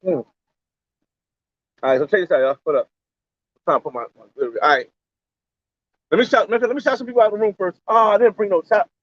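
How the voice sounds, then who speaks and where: A young man live-streaming a casual travel vlog from a beach, talking loosely in slang and shouting out viewers on a handheld phone. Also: sits high, brisk, long pauses, no echo. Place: outdoors on a beach by a boat landing. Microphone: phone camera held by hand. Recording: slightly dull lo-fi phone audio.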